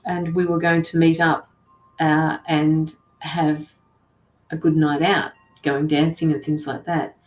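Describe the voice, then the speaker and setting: Brief: middle-aged woman, lowish voice, rambling and blunt with casual swearing, roomy echo. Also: flat delivery, slow, soft background music. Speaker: intuitive tarot and mediumship reader. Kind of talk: casual livestream reading.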